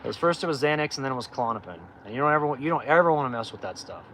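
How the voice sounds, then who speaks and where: A middle-aged man speaks off the cuff in a casual livestream, circling back and restarting his sentences. His voice sits at an ordinary middle pitch. Faint outdoor noise runs underneath. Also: expressive, racing, a bit bright, low-quality recording. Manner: rambling, candid, many fillers and restarts. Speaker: off-grid channel host.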